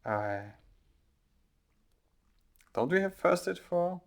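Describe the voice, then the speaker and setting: A man's voice: medium pitch, unhurried. A man hosting a let's play, reading dialogue choices aloud and adding dry remarks, a German native speaker. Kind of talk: casual gameplay commentary.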